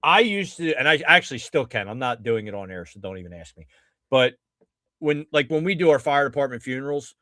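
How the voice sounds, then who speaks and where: Forceful rambling man telling stories. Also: mid-range voice, very animated, fairly quick, dry recording. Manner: rambling with frequent restarts and fillers. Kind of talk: casual anecdote telling.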